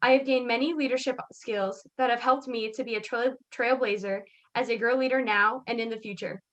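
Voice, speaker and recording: A woman's voice: fairly high pitch, fairly even intonation, a little fast, fairly bright tone. A woman giving an earnest, recited prepared speech as a youth speaker.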